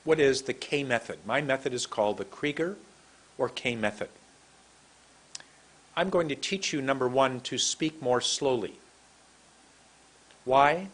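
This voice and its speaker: A man teaching English pronunciation in a lesson, speaking slowly and deliberately as he demonstrates words one at a time. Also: mid-range voice, a bit bright. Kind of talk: instructional lesson, slow drills.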